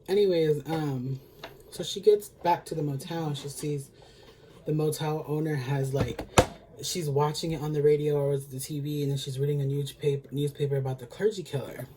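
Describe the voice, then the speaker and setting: A man's voice: a little high, steady tone, moderate pace, background noise. A man recapping a TV episode in a chatty, sassy way, with lots of filler words and free swearing. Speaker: beauty vlogger.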